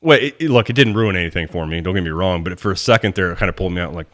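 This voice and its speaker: A man's voice: low voice, rapid-fire, a bit bright. A man co-hosting a podcast, talking in a casual, rambling and enthusiastic way. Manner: rambling, enthusiastic fan talk. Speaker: podcast co-host. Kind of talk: casual chat.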